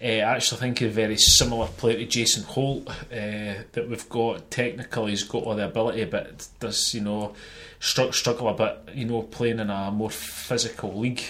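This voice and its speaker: A man with a Scottish accent, co-hosting a casual football podcast, animated and laughing often, with the odd swear word. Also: lowish voice, moderate pace. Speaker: podcast co-host.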